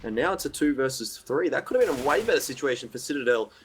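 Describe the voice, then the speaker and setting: Measured male play-by-play caster. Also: medium pitch, big pitch swings, noisy background. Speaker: esports caster. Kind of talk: play-by-play commentary.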